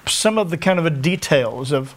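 A middle-aged man with a North Staffordshire accent preaches in an easy, conversational way. He laughs at himself and often breaks off to start a phrase again. His voice sits slightly higher than most men's. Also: animated, a little hiss or hum. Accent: English, North Staffordshire. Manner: conversational, self-deprecating, with halting restarts. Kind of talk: sermon.

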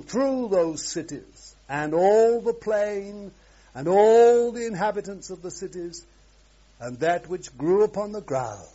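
A man preaching a sermon, swinging between loud, emphatic exclamations and hushed asides. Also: high voice. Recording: dull lo-fi sermon recording.

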